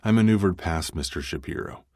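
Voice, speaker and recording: A man narrating a first-person romance audiobook in a measured, dry manner. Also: low voice, a little mellow, no echo.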